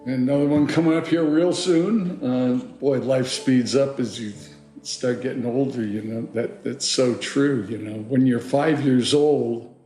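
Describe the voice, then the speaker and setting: A man in his seventies, a filmmaker guest telling his life story in an interview, rambling and animated with many asides. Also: mid-range voice, measured pace, few pauses, roomy sound, soft background music. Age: 70s.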